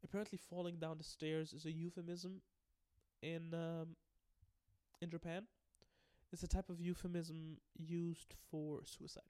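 A man giving an excitable, casual recap, swearing freely and often stumbling and restarting. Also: on the high side, measured pace, smooth. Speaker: anime and manga recap host.

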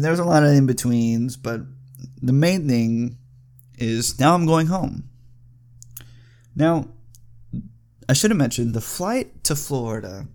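A man in his twenties telling a story as a casual vlog rant, heated and profane, often getting loud and high. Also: creaky. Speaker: vlogger.

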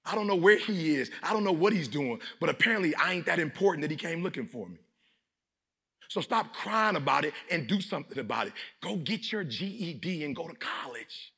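A man's voice: a little high, lively intonation, fairly quick, creaky, sharp tone, breathy edge. A man from Detroit giving a motivational speech to a live audience, preaching in emphatic, repetitive bursts and leading call-and-response. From Detroit, USA. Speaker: motivational speaker. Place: live conference hall with audience.

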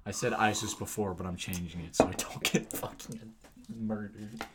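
A man's voice: lowish voice, steady tone, moderate pace, heavy background noise. A young man co-hosting a casual podcast, reading fan fiction aloud and reacting with exasperated swearing. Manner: exasperated, swearing and laughing at the text. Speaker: podcast co-host.

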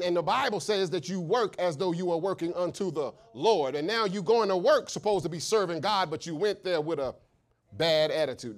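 In a high-pitched voice, a man preaches a fiery sermon that rises to shouts. This pastor answers his own questions and brings stories to life with acted voices.

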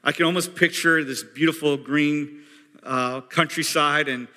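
A man preaching a sermon as pastor, in a conversational, animated storytelling way. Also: on the high side, a little slow. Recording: long hall reverb.

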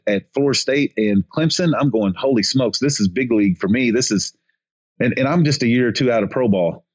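A man's voice: medium pitch, highs cut off. A man, a baseball umpire, telling a rambling story on a podcast, with many restarts, acting out crowd chants and quoted lines.

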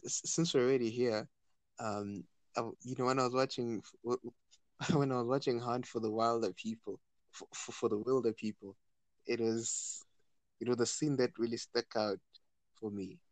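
A man co-hosting a casual podcast chat, stammering through many restarts as he gets excited. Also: mid-range voice, normal speed, no room sound. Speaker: podcast co-host.

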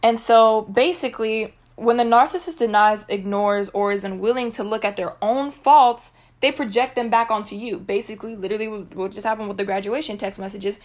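A young woman telling a personal story on a vlog, venting in an animated, emphatic way. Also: medium pitch, brisk, few pauses. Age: young adult. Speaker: vlogger.

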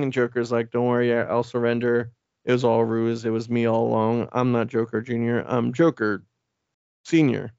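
A man's voice: medium pitch, gravelly, a little mellow, smooth, no room sound, muffled recording. A man co-hosting a podcast, rambling and swearing as he recaps a comic and acts out the characters' lines. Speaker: podcast co-host. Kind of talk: casual chat recapping a comic.

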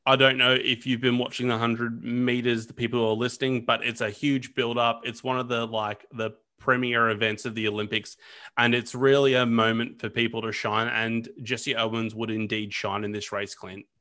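A man's voice: mid-range voice, little pitch movement, moderate pace, bright, forceful tone. A man co-hosting a casual history podcast, chatting loosely with plenty of fillers and restarts. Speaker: podcast co-host.

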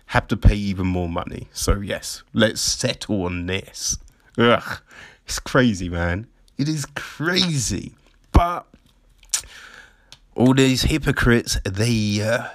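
Guy ranting on his own show, slow and sing-songy, laughs a lot, dry close sound. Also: medium pitch, a bit bright, dry recording. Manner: laughs often, swears, rambling. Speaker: show host. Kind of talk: casual monologue.

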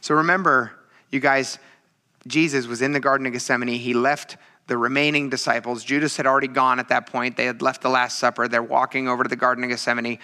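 A man's voice: medium pitch, little pitch movement, quick pace, sharp tone. A man preaching a casual sermon in a chatty, teasing, self-mocking way. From military veteran. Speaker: pastor.

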